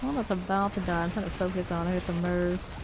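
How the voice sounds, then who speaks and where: A woman's voice: lowish voice, fairly even intonation, fairly quick, over music. A woman streaming a game live, thinking aloud and calling out enemies as they appear. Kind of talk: live gameplay commentary.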